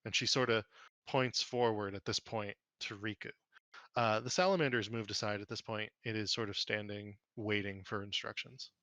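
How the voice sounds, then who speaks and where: A man narrating as game master of a tabletop game, in a relaxed, loose way. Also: on the low side, moderate pace, no echo.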